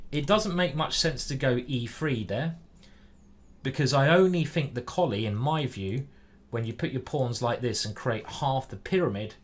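A man from England commenting casually on his own chess game as he plays live, chatting to viewers and reading out their messages. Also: mid-range voice. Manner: chatty, reads viewer chat aloud. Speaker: chess streamer. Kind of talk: live-stream commentary while playing.

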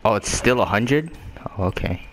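A man's voice: lowish voice, expressive, moderate pace, a bit bright. A young man chatting casually while playing a shooter game, joking and trash-talking his teammate. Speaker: gamer. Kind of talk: casual gameplay chat. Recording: noisy gameplay capture.

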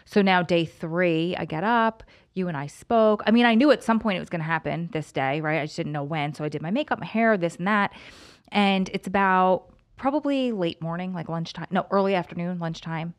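A woman's voice: lowish voice, brisk. A middle-aged woman co-hosting a podcast, telling a story in casual conversation and acting out what others said. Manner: animated, acts out quoted voices. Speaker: podcast co-host.

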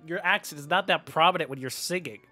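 A male game streamer with a bright, forceful tone who rants and jokes sarcastically over the gameplay. Soft music plays behind him. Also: on the high side, quick pace. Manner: sarcastic, ranting, joking. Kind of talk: gameplay commentary.

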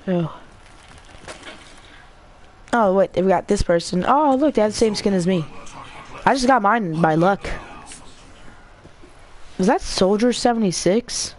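Excitable woman chatting while gaming. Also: mid-range voice, unhurried, pauses often. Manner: excitable, squeals and laughs, talks to the screen. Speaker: gamer. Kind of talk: casual gameplay commentary.

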